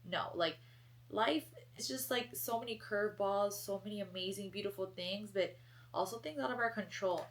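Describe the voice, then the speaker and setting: A woman's voice: medium pitch, moderate pace. A young woman hosting a podcast alone, talking casually and chattily with many fillers. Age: young adult. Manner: chatty, filler-heavy, animated storytelling. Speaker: podcast host. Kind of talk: casual solo chat.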